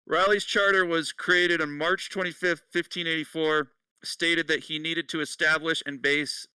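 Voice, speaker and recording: A man's voice: on the high side, flat delivery, moderate pace, smooth, dry recording, recorded from a distance, low-quality recording. A man co-hosting a casual podcast, laughing often and swearing while he reads out notes. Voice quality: bright, laughing, profane. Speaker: podcast co-host. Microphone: headset.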